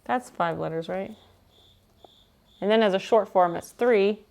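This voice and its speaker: A woman restores a table while chatting casually with her live-stream viewers, joking and guessing names as she works. Her mid-range voice is unhurried and darkish, with vocal fry.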